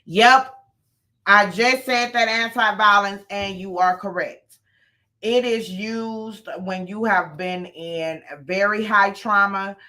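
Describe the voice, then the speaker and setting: A woman hosting a casual live chat from home, talking easily with frequent ums and pauses. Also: medium pitch, steady tone, bright, forceful tone.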